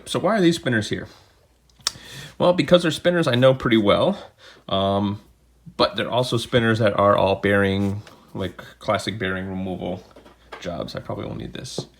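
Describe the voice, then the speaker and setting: Chatty low-voiced man vlogging. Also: a bit bright, a little hiss or hum. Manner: chatty and rambling, with jokey asides. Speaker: unboxing video host. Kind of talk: casual unboxing and beer tasting chat.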